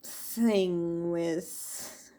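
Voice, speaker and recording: Slow-talking laughing tarot reader woman. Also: fairly low pitch, fairly even intonation, warm tone. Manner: laughing, swearing, rambling storyteller. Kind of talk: casual monologue to camera.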